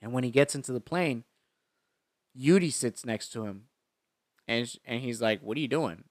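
A man's voice: medium pitch, normal speed, no room sound, clean studio sound. A man casually retelling a film's plot in chat, rambling with plenty of fillers and restarts. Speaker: movie recap co-host.

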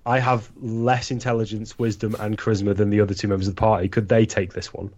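A man's voice: lowish voice, flat delivery, fast talker, darkish tone. A man playing in a tabletop game, joking casually. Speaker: player. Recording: dull lo-fi mic.

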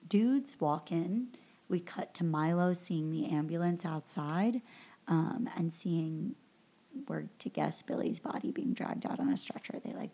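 Low-voiced woman recapping a film casually. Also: mellow, breathy edge. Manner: rambling recap full of fillers and "like". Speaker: podcast host recapping a film. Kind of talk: casual chat.

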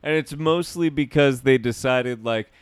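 A man's voice: mid-range voice, a little slow, smooth, no echo. A man co-hosting a casual movie podcast, wry and jokey with swearing asides. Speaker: podcast co-host. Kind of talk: casual movie review chat.

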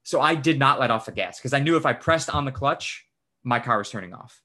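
A man hosting a podcast, telling a story in casual chat, animated and swearing often as he acts out what he said. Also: mid-range voice, a little fast. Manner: animated, swears often, acts out his own quoted lines. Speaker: podcast host.

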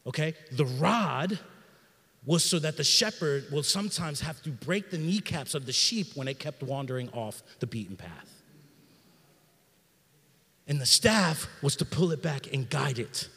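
A middle-aged man preaching a sermon in a church sanctuary, in an energetic, conversational style with slang. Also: on the high side, unhurried, vocal fry, long reverb tail. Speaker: pastor.

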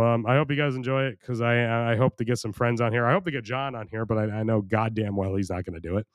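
The solo podcast's young American host has a medium-pitched voice that's clear and resonant, though strained and worn from recording. He rambles, makes crude self-mocking remarks and restarts frequently. It's studio-quality sound with no echo.

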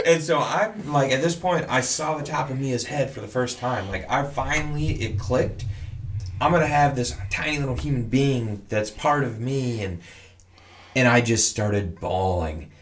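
A man's voice: medium pitch, measured pace, slight background noise. A man, a new father, chatting casually and telling stories animatedly, swearing now and then. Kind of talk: casual chat, storytelling.

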